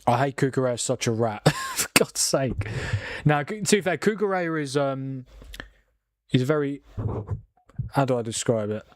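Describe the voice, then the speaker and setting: A man talks casually through a football watchalong at home. He rambles and restarts, laughs often, and reacts to the game with animated outbursts. His voice sits at a mid pitch, and the sound is dry and close. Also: moderate pace, long pauses, no echo. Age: 40s. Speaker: streamer hosting a football watchalong. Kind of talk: casual live commentary and chat.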